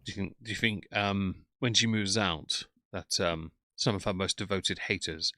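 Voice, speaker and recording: Bright-voiced sarcastic man. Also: low-pitched, no echo. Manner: sarcastic, blunt, swears. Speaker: live stream host reacting to a streamer. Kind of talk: casual commentary to chat.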